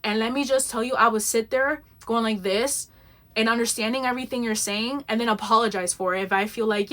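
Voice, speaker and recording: Young woman host, solo podcast rant, emphatic and animated, fairly high voice. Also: a little fast. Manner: animated, emphatic storytelling with acted-out quotes.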